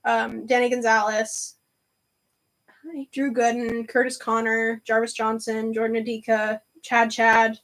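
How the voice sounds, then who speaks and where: A woman hosting a casual livestream chat, talkative and quick to laugh, trailing off with fillers. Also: a little high, little pitch movement, a bit bright, poor audio. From Canada. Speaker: livestream host.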